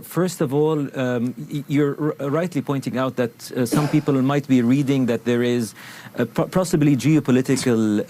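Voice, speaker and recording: A male news guest with a mellow, dark voice who explains economic policy haltingly. He keeps breaking off with fillers and restarts. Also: medium pitch. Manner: hesitant, full of uh fillers and restarts. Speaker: interview guest analyst. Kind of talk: news interview answer.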